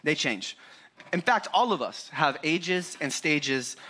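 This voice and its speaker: Bright, high-voiced joking pastor man. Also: animated, slow pace. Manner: jokey and conversational, acts out his kids in a raised voice. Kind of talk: sermon. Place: church.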